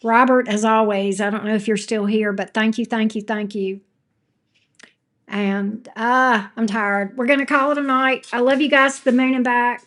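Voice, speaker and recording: A woman's voice: a little high, level tone, moderate pace, fairly bright tone. A woman tarot reader chatting casually with her viewers from home. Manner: chatty, talks baby talk to her pet. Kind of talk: casual livestream chat.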